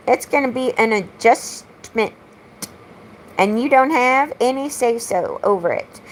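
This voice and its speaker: A woman with a high-pitched voice delivers a direct-to-camera monologue, blunt and profane, circling back over the same phrases. A faint hum of room ambience sits behind her. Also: low-quality recording. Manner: repetitive, rambling phrasing. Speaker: vlogger.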